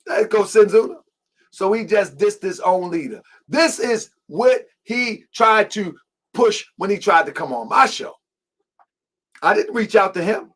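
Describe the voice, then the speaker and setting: A man's voice: high-pitched, lively intonation, measured pace, fairly bright tone. A man hosting a heated commentary, repeating his points emphatically and confrontationally. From Baltimore, US. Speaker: host.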